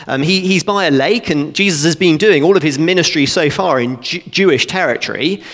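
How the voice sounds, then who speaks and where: A man preaching a sermon, walking through a passage verse by verse in an animated, conversational way with joking asides. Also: fairly high pitch, fairly quick. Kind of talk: expository sermon. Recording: long reverb of a church hall.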